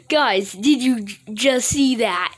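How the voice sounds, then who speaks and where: Excitable high-voiced woman gaming. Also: husky. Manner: excitable, laughs often, playful trash talk to friends. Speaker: gaming video host. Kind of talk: live gameplay commentary.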